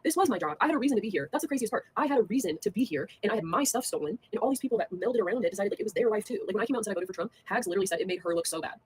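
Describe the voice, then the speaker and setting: A young woman on a casual livestream, talking fast with lots of fillers, scornful and laughing between jabs at people. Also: mid-range voice, lively intonation, husky.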